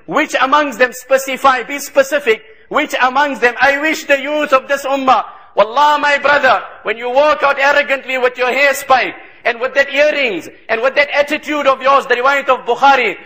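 Emphatic high-voiced male preacher. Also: normal speed, pushed and bright. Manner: emphatic, repeats phrases for stress. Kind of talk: impassioned sermon.

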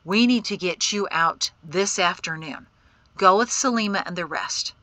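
A woman's voice: fairly low pitch, normal speed, dry recording. A woman reading an audiobook, voicing a stern, protective middle-aged man who is the group's guide and an exasperated uncle. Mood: urgent. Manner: forceful and exasperated.

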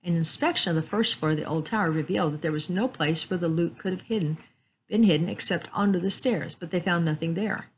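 A woman storyteller reading a book aloud in a slow, measured way. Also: fairly low pitch, a little hiss or hum, poor audio.

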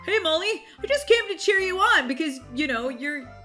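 A woman's voice: extremely high pitch, animated, normal speed, pushed and bright, soft background music, full character voice. A woman voicing an easygoing dad in a game video, teasing his daughter in an offhand way.

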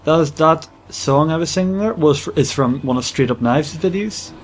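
Playful, excitable male gamer. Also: fairly high pitch, normal speed, soft background music. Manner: playful, jokey, excitable rambling. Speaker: gaming channel host. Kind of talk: casual gameplay commentary.

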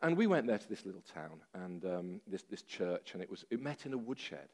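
A man preaching a sermon, telling a story with lively, self-deprecating humor and many fillers. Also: deep voice, normal speed.

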